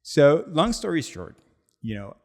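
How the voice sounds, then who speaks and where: Man, podcast host, casual storytelling, lively intonation, gravelly voice. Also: a little high, a little slow. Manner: animated, laughing, acts out quotes. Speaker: podcast co-host and product founder.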